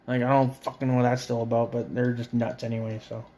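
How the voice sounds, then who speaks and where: A man's voice: medium pitch, flat delivery, quick pace, dark tone. Middle-aged guy, profane exasperated home vlog rant, sarcastic edge, mid-range voice. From Canada. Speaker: vlogger. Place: a friend's house, indoors.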